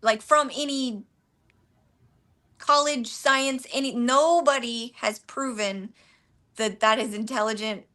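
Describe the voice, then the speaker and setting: A woman in a casual podcast chat, speaking emphatically and quick to agree. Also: fairly high pitch, bright, forceful tone.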